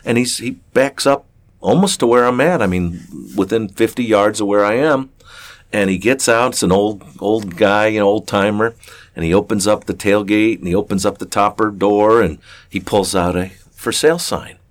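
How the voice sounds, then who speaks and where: Speaking at a moderate pace in a lowish voice, an older southern Ohio man tells a long personal story as an interview guest. It's casual, folksy storytelling that rambles, full of fillers and restarts.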